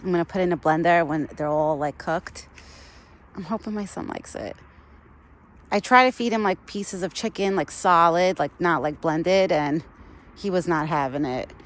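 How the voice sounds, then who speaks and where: With a lowish voice at normal speed, a young vlogger rambles through a casual outdoor chat. She laughs frequently while feeding a wild deer in the cold.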